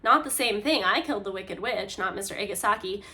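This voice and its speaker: A woman's voice: medium pitch, brisk, pushed and bright, lightly acted. A woman voicing a confused young woman who reasons aloud in a puzzled, casual way while retelling a story. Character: confused young woman, unsure of her own memory.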